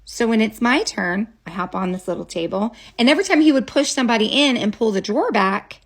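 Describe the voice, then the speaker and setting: A woman's voice: on the high side, animated, fairly quick. A woman telling a childhood story straight to a phone camera, casual and dramatic, with chatty asides.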